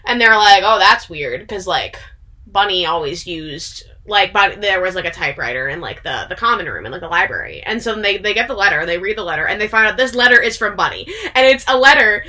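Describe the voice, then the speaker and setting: A woman's voice: on the low side, animated, fast, pushed and bright. A woman vlogger retelling a story to a friend in casual chat, rambling with lots of "like" and breaking into laughter. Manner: rambling, heavy use of "like", bursts of laughter.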